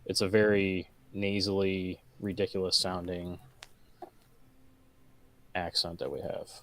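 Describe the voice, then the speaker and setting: A man's voice: sits low, little pitch movement, slow pace, fairly bright tone. A man with a Michigan accent, chatting easily as a guest on a gaming stream. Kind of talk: casual chat while gaming.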